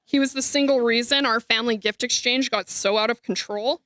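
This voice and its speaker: A woman gives a heartfelt memorial speech for her brother. Her voice sits high and sounds bright and forceful. She is tearful. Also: steady tone, a little fast, no echo. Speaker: eulogy speaker, sister. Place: memorial hall.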